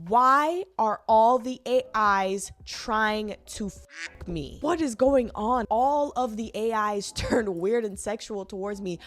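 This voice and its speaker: A young woman in her twenties with a hoarse voice, chatting sarcastically and swearing in a giggly comedic vlog. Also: on the high side, slow. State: hoarse from raving. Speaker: vlogger. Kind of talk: casual comedic vlog commentary. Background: soft background music.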